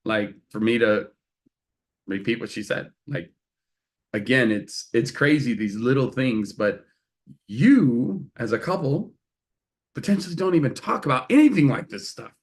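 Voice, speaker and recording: This is a man co-hosting a casual couples podcast with an animated storytelling manner. He acts out both sides of a conversation and laughs often as he talks. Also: medium pitch. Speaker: co-host, couples coach.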